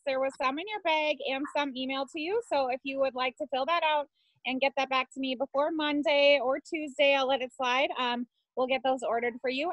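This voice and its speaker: A woman's voice: high voice, no room sound, rough recording. A woman hosting a virtual wine class, upbeat as she thanks the guest and explains pre-orders. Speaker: wine shop class host. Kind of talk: casual chat on a video call. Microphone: video call.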